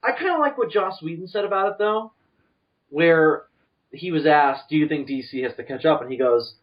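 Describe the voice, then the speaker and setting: A man co-hosting a podcast, rambling through animated opinions with lots of restarts. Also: on the high side, moderate pace. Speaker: podcast co-host. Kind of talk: casual chat. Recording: distant, dull lo-fi podcast mic.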